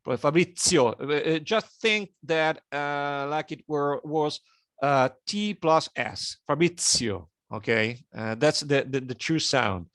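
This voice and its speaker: A man's voice: fairly high pitch, slow, a bit bright, smooth, dry recording, clean studio sound. A man with an Italian accent, talking in a casual online meeting, hesitant with many fillers and restarts. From Italy.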